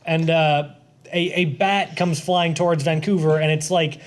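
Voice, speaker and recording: A man's voice: a little high, steady tone, a little slow. A man hosting a podcast, describing a movie in a rambling, casual way with many fillers.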